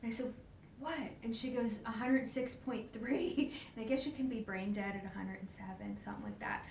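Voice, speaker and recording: A woman speaking to a live audience, telling a personal story with animated, acted-out quotes, laughs and sudden hushed whispers. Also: medium pitch, fast, gravelly, a little hiss or hum. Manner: laughs often while talking. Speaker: speaker at a spiritual event. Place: event hall. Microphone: distant camera mic. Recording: roomy, distant live event recording.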